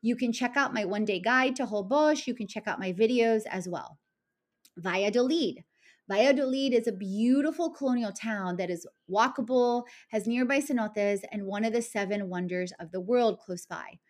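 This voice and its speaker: A woman travel vlogger with a voice on the high side and a moderate pace narrates a numbered list of trips. She sounds upbeat and enthusiastic, occasionally correcting herself.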